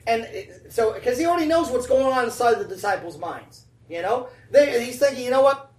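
Brisk and animated, a slightly mellow mid-range voice leads a conversational sermon. The preacher repeatedly draws in the congregation with "right?" and "amen?", and the far-off mic gives a roomy tone.

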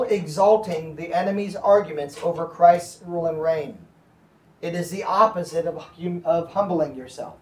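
Brief: male pastor, high voice, conversational Bible teaching, echoey room mic at a distance. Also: moderate pace. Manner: conversational, checks in with the audience.

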